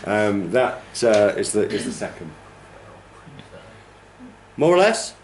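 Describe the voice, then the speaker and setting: A male TESOL course trainer lectures a training class in a roomy, echoey classroom, explaining patiently and exaggerating word stress by stretching words out in his demonstrations. His lowish voice is sing-song and slow, with slight background noise.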